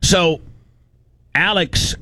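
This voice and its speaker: A man hosting a radio talk show, telling a story in an animated, ranting way with frequent restarts. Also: sits high, extremely slow, no room sound.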